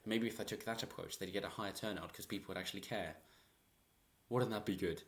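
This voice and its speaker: Deep-voiced man, opinionated vlog commentary, rambling, frequent chuckles. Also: quick pace. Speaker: political commentator.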